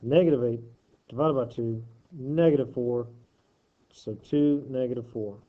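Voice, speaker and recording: A man's voice: mid-range voice, unhurried, phone-quality sound. A man teaching math, working problems aloud with joking asides and self-corrections. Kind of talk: worksheet walkthrough lesson.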